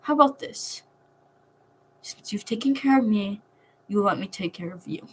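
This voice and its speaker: A woman's voice: medium pitch, animated, normal speed, slight background noise, lightly acted. Woman reading as an earnest, protective young man. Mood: tender.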